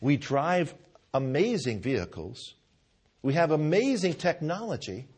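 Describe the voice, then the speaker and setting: A man's voice: fairly high pitch, very animated, a little slow, darkish tone, breathy edge. A man preaching a sermon in a church, fervent and conversational, often asking the congregation "Amen?" and restarting his words as he tells a story. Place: church with pews.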